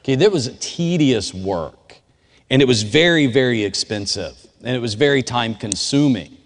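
A man preaching in a loose, storytelling way, with an average-pitched voice that rings out through a large hall. His long reverb tail makes the room sound big. He addresses the listeners directly and chats with them. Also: animated, normal speed. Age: adult. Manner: informal, storytelling, speaks directly to the audience. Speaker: chapel speaker. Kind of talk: conversational sermon with personal story.

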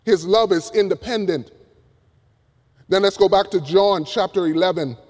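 A male preacher delivering an emphatic sermon from the pulpit, swinging from loud appeals down to hushed words. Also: high voice, moderate pace. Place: church pulpit. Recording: long reverb of a large hall.

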